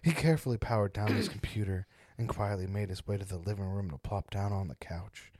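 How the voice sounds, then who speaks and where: A man's voice: on the low side, a little fast, darkish tone, dry recording, studio quality. A man hosting a casual podcast, joking around and reading spooky stories aloud with dramatic emphasis. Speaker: podcast host.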